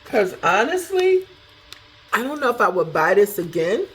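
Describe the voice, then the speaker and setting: A woman casually chatting through a snack taste test, thinking out loud as she goes. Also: medium pitch, normal speed, background noise. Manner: talks to herself while tasting, animated, chatty. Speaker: food review vlogger.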